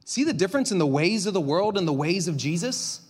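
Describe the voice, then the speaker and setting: A male pastor preaching a sermon in an animated, conversational way, swinging from loud to quiet. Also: high-pitched, fairly quick, husky.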